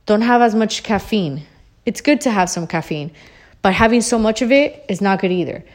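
A woman hosting her own podcast, ranting about wellness in a blunt, emphatic way, swearing freely and repeating her points, a little out of breath. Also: medium pitch. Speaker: podcast host. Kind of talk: solo motivational rant.

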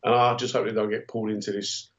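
A man's voice: fairly low pitch, flat delivery, fast, fairly bright tone, muffled recording. A man casually chatting on a podcast, jokey and opinionated with wry asides. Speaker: podcast co-host. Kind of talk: casual chat.

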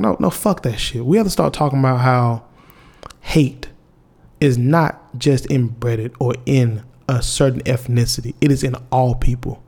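Young guy rambling to his viewers, candid, lots of slang and restarts, mid-pitched voice. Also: vocal fry, darkish tone. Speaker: vlogger. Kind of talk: casual heartfelt monologue to viewers.

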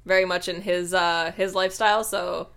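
A woman's voice: on the low side, steady tone, gravelly, fairly bright tone. A young woman from Canada with a Canadian accent, telling stories in casual chat, heavy on fillers. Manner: quick, filler-heavy storytelling.

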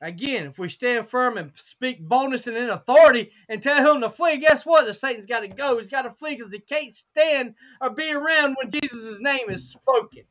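A hoarse woman with a cracking voice leads a fervent Bible study, repeating phrases and asking rhetorical questions. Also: high-pitched, moderate pace, few pauses, highs cut off.

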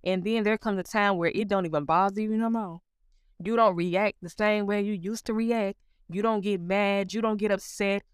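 Woman, earnest testimony speaker, warm direct address; smooth tone, mid pitch. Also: fairly even intonation, normal speed, no echo, studio quality. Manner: earnest, calls the listener honey. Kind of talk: personal spiritual testimony.

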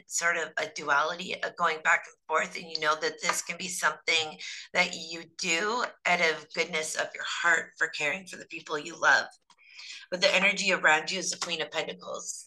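A woman's voice: on the low side, sharp tone, a little hiss or hum, rough recording. A woman giving a casual, chatty tarot reading on a live stream, her voice strained from overuse. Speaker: tarot reader.

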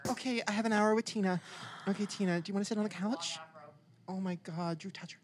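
A man hosting a casual chat, excitable and swearing casually. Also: high-pitched, fast. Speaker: host.

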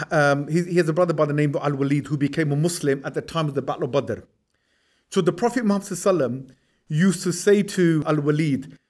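Guy teaching history like a story, chatty, kinda high voice. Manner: lively, conversational, acts out quotes. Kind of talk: storytelling lecture.

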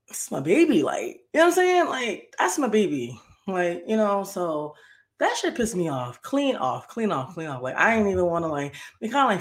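A woman's voice: on the low side, fairly bright tone. A young woman hosting a podcast, telling a story in a heated, profane, repetitive rant. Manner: heated, profane, repeats herself. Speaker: podcast host.

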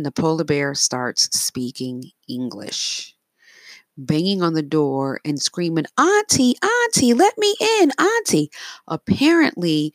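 A woman's voice: low voice, no room sound. A woman casually narrating her dreams, rambling with fillers and restarts. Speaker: storyteller.

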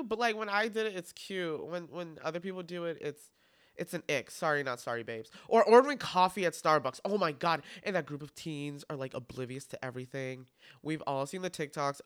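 A man's voice: a little high, a little fast, a bit bright, smooth. A man in his twenties hosting a solo podcast, talking in a sassy, campy, profane way. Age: 20s. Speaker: podcast host.

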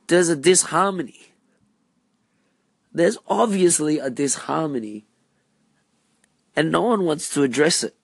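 A man giving a personal monologue, asking repeated rhetorical questions in a measured, deliberate way. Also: fairly high pitch, expressive, vocal fry, slightly rough, no room sound.

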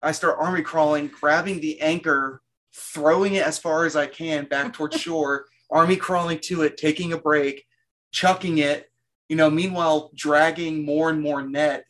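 A man telling a long work story in a rambling, animated way, full of "like" fillers. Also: fairly high pitch. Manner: animated, self-mocking storyteller. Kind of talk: casual storytelling.

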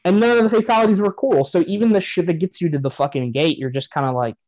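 A man's voice: sits high, fast talker, darkish tone, no echo, lo-fi sound. Profane ranting man on a podcast. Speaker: podcast host. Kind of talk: casual podcast movie rant.

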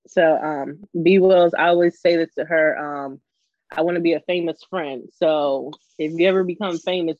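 On this casual podcast, a young woman co-host with a fairly low voice gushes to her guest, laughing a lot and slipping into quoted asides as she acts out what others said. The sound is dry and dull.

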